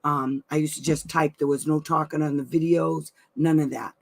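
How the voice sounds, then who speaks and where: A woman's voice: deep voice, fairly even intonation, moderate pace, vocal fry. A middle-aged woman hosting a weekly live advice stream from home, chatting effusively and laughing often. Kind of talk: casual live-stream chat.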